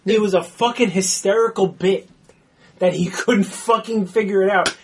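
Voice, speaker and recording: A man's voice: high-pitched, steady tone, moderate pace, husky. A man co-hosting a casual movie discussion, blunt and swearing freely. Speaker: podcast co-host.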